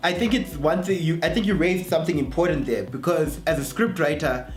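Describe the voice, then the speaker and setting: A man's voice: on the high side, fairly quick, soft background music. A man hosting a casual interview, thinking aloud and restating points with a few restarts. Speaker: host. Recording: roomy echoey room.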